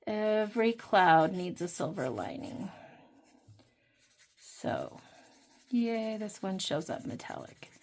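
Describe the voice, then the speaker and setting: A woman's voice: medium pitch, sing-song, slow, long pauses. A woman hosting a budgeting channel, chatting casually and thinking aloud while she counts and scratches off savings challenges.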